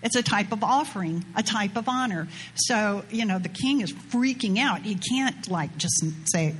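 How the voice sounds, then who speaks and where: A woman's voice: medium pitch, moderate pace, hardly any pauses, a little hiss or hum. A woman preaching a casual sermon, retelling a scripture story in a chatty way with slang asides. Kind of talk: informal sermon with scripture reading.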